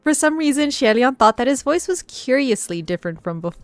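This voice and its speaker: A woman's voice: sits high, very animated, a little fast, hardly any pauses, no room sound, faint music behind. A woman reading a novel aloud and reacting as she goes. She often laughs, squeals and breaks off mid-sentence.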